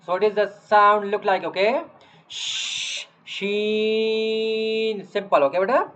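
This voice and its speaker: A Quran reading teacher, slowly drilling Arabic letters with a child, repeating each sound patiently and checking in with "okay, beta". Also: medium pitch, animated, sharp tone. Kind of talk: slow letter-by-letter lesson to a child. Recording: dull lo-fi audio.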